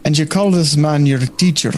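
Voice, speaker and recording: A man voicing a weary male stranger at an inn, terse and gruff. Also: on the high side, normal speed, a little mellow, a little hiss or hum, natural voice.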